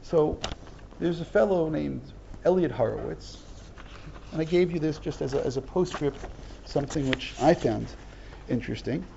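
A man's voice: fairly high pitch, normal speed, creaky, pauses often, noisy background. A middle-aged man teaching a text-study lesson, who reads Hebrew text aloud and translates it line by line, with earnest explanations and repeated false starts. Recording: dull lo-fi recording.

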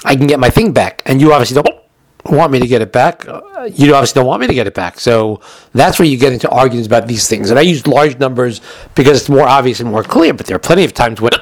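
A man's voice: mid-range voice, lively intonation, fast, no room sound. Chatty man teaching halacha. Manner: chatty, explains with everyday examples. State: has the hiccups. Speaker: Torah teacher. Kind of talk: recorded halacha lecture.

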